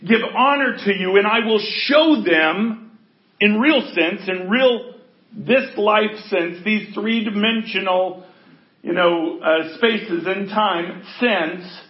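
A man pastor giving an informal, conversational sermon to a congregation, often checking in with his listeners. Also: sits high. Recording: echoey, dull lo-fi recording.

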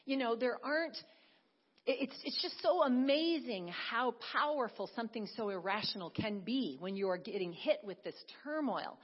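Breathy woman preaching a heartfelt testimony. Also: fairly high pitch, highs cut off. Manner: earnest storytelling, swings from hushed to emphatic. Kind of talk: sermon testimony.

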